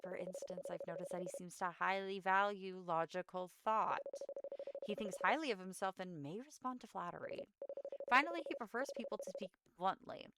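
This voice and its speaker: A woman voicing a calm, methodical detective, reasoning through a murder case in a measured way. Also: medium pitch, very noisy, close to an everyday voice.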